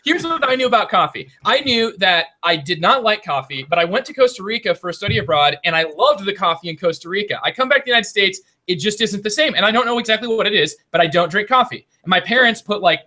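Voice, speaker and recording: A young man co-hosting a board game podcast spins a long story in casual chat, his voice sitting high with a sharp tone. He rambles, restarting often and wandering into asides.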